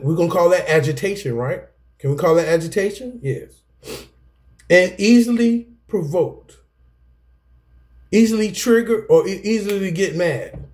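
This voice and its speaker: Guy preaching a self-help lesson at the camera, high voice, swings all over, keeps cracking up. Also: darkish tone. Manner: laughs often, breaks off mid-sentence, repeats himself; preacher-like cadence, addresses viewers as y'all. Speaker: self-help video teacher. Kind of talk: preachy talk to camera about anger.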